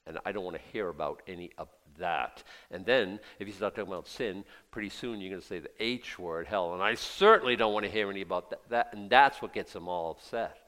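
A middle-aged male pastor preaching a sermon in a chatty way, dropping to quiet asides and rising to loud emphatic bursts. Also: low voice, fairly quick, hardly any pauses. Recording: long hall reverb.

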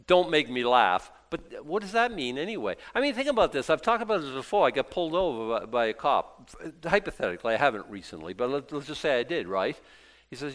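A man preaching a sermon as a pastor, folksy and jokey, dropping to quiet asides and then rising to loud, excited exclaims. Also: fairly quick. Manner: animated, swinging from low asides to loud exclaims; folksy, jokey Bible teaching.

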